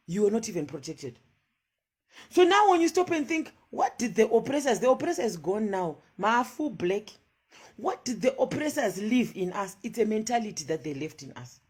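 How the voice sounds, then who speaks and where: Woman, husky voice, lively swooping pitch, fervent monologue, rhetorical questions. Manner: passionate, rhetorical questions, switches between English and Shona. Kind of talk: impassioned social commentary monologue.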